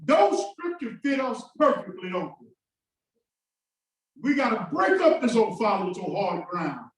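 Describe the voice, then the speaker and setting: Impassioned preacher in an echoing church. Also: male voice, high voice, very animated, unhurried. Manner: call-and-response preaching, shouting bursts and sudden drops. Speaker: pastor. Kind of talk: sermon. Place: church sanctuary. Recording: very echoey church from a distance.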